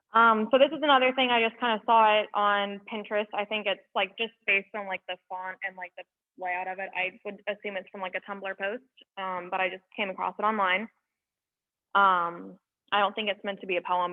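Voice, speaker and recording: A young woman at an open mic, reading poems aloud with earnest, halting asides between them. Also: medium pitch. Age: young adult. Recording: tinny phone-like sound.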